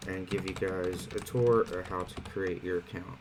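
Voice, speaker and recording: Man, lowish voice, relaxed tutorial host, faint air-conditioner hum in the room. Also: moderate pace. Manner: relaxed, conversational walkthrough with fillers. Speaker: online marketing platform host. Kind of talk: casual screen-share tutorial.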